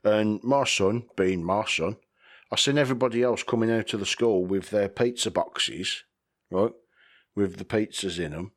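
A man's voice: on the low side, moderate pace. A man hosting a podcast, rambling casually, swearing freely and chuckling often. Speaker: podcast host.

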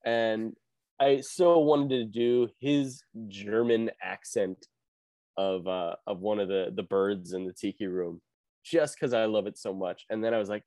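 A man's voice: fairly low pitch, unhurried, dark tone, dry recording. Playful man hosting a podcast. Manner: playful, theatrical intro voice. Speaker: podcast host. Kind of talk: casual podcast chat.

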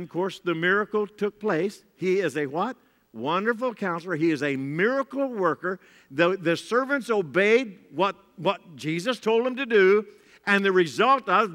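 A man's voice: a little high, bright, forceful tone. A man pastor delivering a sermon, preaching emphatically to the congregation and repeating phrases for effect. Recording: long reverb of a large hall.

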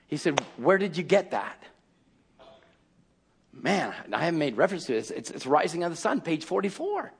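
A man preaching a fiery sermon, calling out to his congregation and often rising into shouted exhortation. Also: fairly high pitch, sing-song, moderate pace, vocal fry, pauses often, slightly rough.

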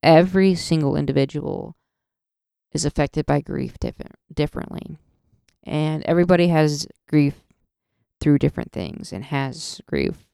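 A woman's voice: low voice, normal speed, vocal fry, warm tone, clear, resonant tone, no echo, clean studio sound. A woman hosting a solo podcast, ranting in an emotional, profane way, often stopping and restarting her sentences. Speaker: podcast host. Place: podcast studio.

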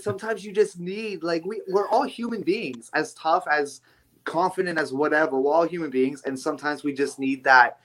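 A man who is a guest on a casual podcast, talking about wrestling. His delivery is easygoing and conversational, with mild cursing and quick asides. He laughs along with the hosts. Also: on the high side, fairly bright tone.

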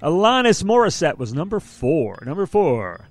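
A man's voice: on the high side, very animated, moderate pace. Rambling self-deprecating male co-host. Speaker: co-host of a music show. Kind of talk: casual radio chat.

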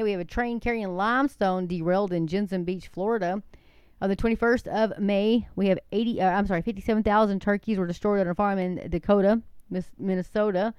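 Chatty woman, smooth dry voice. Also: mid-range voice, dry recording, lo-fi sound. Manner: chatty, digressive, addresses listeners as folks. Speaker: commentator reading a list of incidents. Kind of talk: casual monologue.

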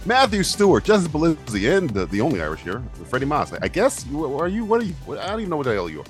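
A man's voice: fairly high pitch, wildly swooping pitch, rapid-fire, faint music behind. A man hosting a podcast, chatting casually, often laughing and stammering. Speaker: podcast host. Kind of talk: casual comedic chat.

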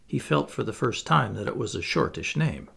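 Expressive gravelly male storyteller. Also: mid-range voice, normal speed. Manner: lively, expressive read-aloud with playful asides. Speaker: audiobook reader. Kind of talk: storybook narration.

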